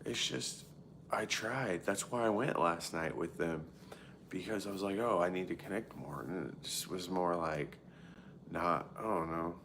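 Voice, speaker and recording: Deep gravelly man in his thirties. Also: a little slow, fairly bright tone, slight background noise. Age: 30s. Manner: candid, profane and rambling; frequent filler "like" and self-interrupting. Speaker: live streamer. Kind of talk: casual chat answering viewers.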